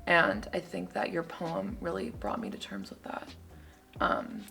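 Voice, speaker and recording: A woman's voice: fairly low pitch, unhurried, gravelly, faint music behind. A young adult woman talking as a guest in an interview, telling stories casually with lots of filler words. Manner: casual, animated storytelling with many fillers. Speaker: guest poet.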